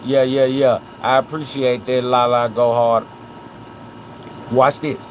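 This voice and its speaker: A man's voice: medium pitch, slow pace, slight background noise. A man from Memphis, hosting a casual livestream. He breaks down a case and keeps checking in with "right?" and "watch this". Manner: animated, repeats "right?" and "watch this". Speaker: livestream host.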